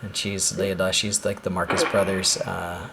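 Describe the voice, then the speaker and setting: A man's voice: deep voice, flat delivery, moderate pace, gravelly, heavy background noise. A man hosting a let's play, casually retelling game dialogue in his own loose words, full of fillers. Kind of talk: casual gameplay commentary. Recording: loud game music underneath.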